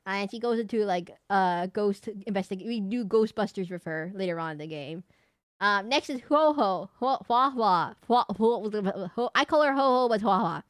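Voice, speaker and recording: A woman's voice: medium pitch, animated, moderate pace, no room sound, studio quality. A woman streamer chatting casually as she ranks characters, rambling and correcting herself often. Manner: rambling, self-correcting, laughing. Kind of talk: casual live-stream commentary.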